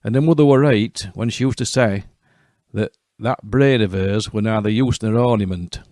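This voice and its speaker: A man's voice: lowish voice, normal speed, warm tone, no room sound, clean studio sound. A man telling a fairy tale in broad Yorkshire dialect, with wry asides to the listener. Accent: West Riding Yorkshire. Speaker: storyteller.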